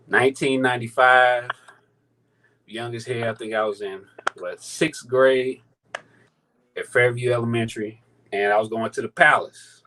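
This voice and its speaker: A man in his thirties from St. Louis, telling a sneaker story in a profane, animated, casual chat. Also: mid-range voice, noisy background. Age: 30s. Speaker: sneaker battle contestant.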